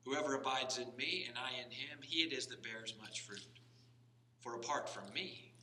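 In a church sanctuary, a man preaching as pastor talks conversationally, restarting often and climbing to emphatic stress. His mid-range voice sounds pushed and bright at a moderate pace. Slight background noise is present, and the echoey hall is picked up from far away.

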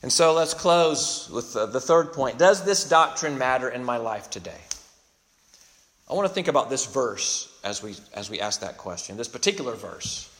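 A man's voice: medium pitch, expressive, moderate pace, fairly bright tone, long reverb tail. A male pastor giving an earnest, emphatic sermon, often restarting and repeating his words as he builds each point.

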